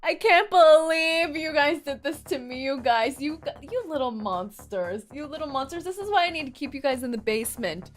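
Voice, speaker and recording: A woman's voice: high voice, expressive, moderate pace, hardly any pauses, faint music behind. A woman streamer reacting dramatically to a story game and talking to her chat. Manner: dramatic, exclaiming, talks to chat. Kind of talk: livestream game reaction and reading.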